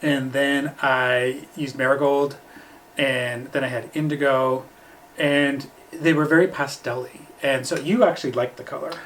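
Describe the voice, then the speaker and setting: A man's voice: mid-range voice, steady tone, unhurried, fairly bright tone, slight background noise. A man co-hosting a casual knitting podcast, talking easily and laughing mid-sentence at home. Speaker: podcast co-host, yarn dyer. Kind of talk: casual chat.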